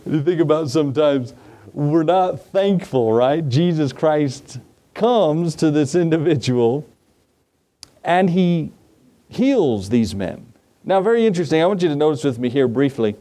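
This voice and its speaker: A man's voice: a little high, lively intonation, unhurried, mellow. A man preaching a sermon, reading scripture and telling a folksy story in a conversational way. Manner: folksy and conversational, acts out voices in his story. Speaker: pastor.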